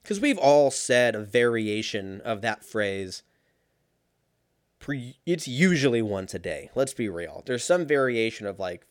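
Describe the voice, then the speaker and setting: A young man telling a casual story in a sarcastic, profane, animated way. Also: mid-range voice, a little slow, smooth, no echo, clean studio sound.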